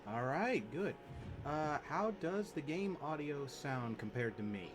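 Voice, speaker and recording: A man's voice: a little high, animated, unhurried, over music. A young man streaming a horror game, chatting casually in a rambling, jokey, self-deprecating way. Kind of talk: casual let's play commentary.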